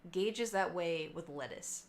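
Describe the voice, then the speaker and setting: A woman's voice: on the low side, a little slow, slight background noise. A young woman telling a long story casually to her stream chat, acting out the people in it with lots of fillers. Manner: chatty, animated quoting of others, many fillers.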